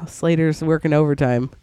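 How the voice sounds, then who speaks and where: A woman co-hosting a casual podcast chat, hoarse from a cold, teasing and joking with friends. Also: low voice, steady tone, mellow, dry recording. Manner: playful, teasing, quick jokes. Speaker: podcast co-host.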